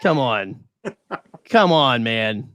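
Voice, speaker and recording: A man's voice: mid-range voice, lively intonation, extremely slow, heavy background noise. A man co-hosting a podcast in casual chat, reacting eagerly to the story. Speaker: podcast co-host.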